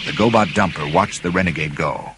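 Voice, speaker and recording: A man reading a children's storybook aloud as narrator, expressive and building with the action. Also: low voice, a little fast, over loud music, poor audio. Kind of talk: storybook read-along narration.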